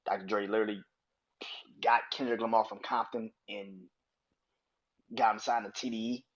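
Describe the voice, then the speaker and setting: A man's voice: on the low side, moderate pace, dull audio. Profane, heated male podcast ranter. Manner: profane, animated, emphatic. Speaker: podcast host. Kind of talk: opinionated solo podcast rant.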